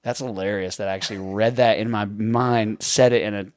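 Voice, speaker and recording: A man's voice: fairly low pitch, steady tone, brisk, no room sound. A man in his thirties from Texas, hosting a podcast in a chatty, storytelling way and laughing easily. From Texas, near Houston. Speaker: podcast host. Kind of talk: casual conversation.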